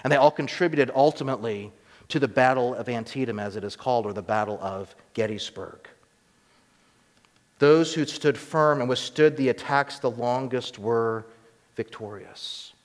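An American man preaching a sermon in a church, earnest and measured, slowing down and dropping to a hush on key words. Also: mid-range voice. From United States. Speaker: pastor. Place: church sanctuary. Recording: long hall reverb.

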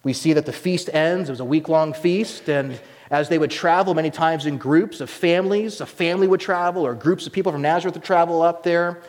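A man preaching a sermon as pastor, animated and acting out the voices he quotes. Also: a little high, a little fast, in a large hall.

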